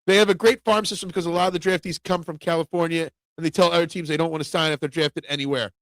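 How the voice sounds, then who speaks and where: A man hosting a casual sports talk show, opinionated and animated, raising his voice when he rants. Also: on the high side, quick pace, no room sound. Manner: opinionated, animated, gets loud when ranting.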